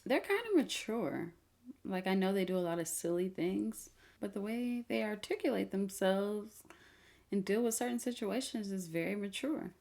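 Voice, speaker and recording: A woman's voice: mid-range voice, moderate pace, vocal fry. A woman hosting a movie reaction, talking casually and exclaiming at the screen as she watches. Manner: expressive, exclaims and talks at the screen.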